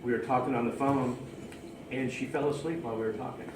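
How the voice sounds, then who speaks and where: Man, casual storyteller, laughs a lot, mid-pitched, set back from the mic in an echoey space with steady background noise. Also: a little fast. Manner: rambling, laughs often at his own story. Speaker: storyteller recounting his own romance. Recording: roomy, distant mic, ambient noise.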